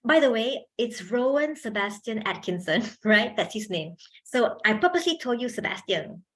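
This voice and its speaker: A woman leading a university workshop on public speaking, talking into a handheld mic with lively energy and frequent laughs. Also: a little high, moderate pace. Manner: animated, laughs often, chatty fillers. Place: university event hall.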